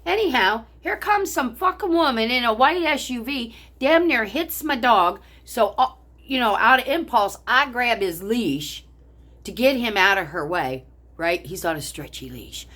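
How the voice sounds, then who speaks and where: A woman's voice: on the high side, expressive, unhurried, fairly bright tone. An older woman vlogger telling a story angrily, in a heated, profane rant. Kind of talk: angry personal storytelling.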